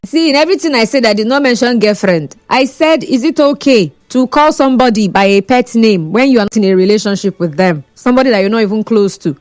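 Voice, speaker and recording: A woman's voice: on the high side, lively intonation, quick pace, hardly any pauses, a little mellow, no echo. Chatty Nigerian woman radio host. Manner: chatty, laughs often, teasing. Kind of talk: phone-in radio talk.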